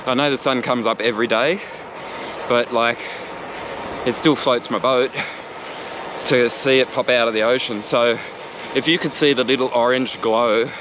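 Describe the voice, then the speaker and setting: Australian man, casual vlog chatter, joking, mid-pitched voice, road and wind noise behind. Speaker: cycling vlogger. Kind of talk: casual vlog commentary while riding. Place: riding a bike outdoors on roads before dawn.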